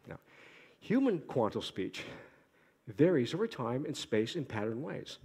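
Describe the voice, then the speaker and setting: A middle-aged man from Boston giving an academic conference lecture, quick-talking with restarts and wry asides to himself. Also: mid-range voice, very animated, darkish tone, breathy edge. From Boston, United States. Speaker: conference speaker, archaeologist. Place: lecture hall. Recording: long hall reverb.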